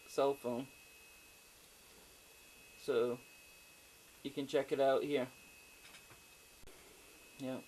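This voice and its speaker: A man's voice: mid-range voice, a little hiss or hum, low-quality recording. A man giving a casual, rambling spoken movie review, swearing freely and often trailing off into fillers and asides. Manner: rambling, profane, with frequent fillers and digressions.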